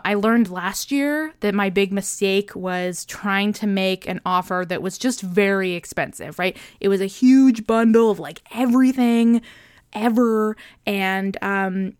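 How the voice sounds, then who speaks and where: A woman's voice: medium pitch, smooth, no echo, studio quality. A woman hosting her own podcast, rambling casually and unscripted into her microphone with a goofy, self-deprecating manner. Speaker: podcast host.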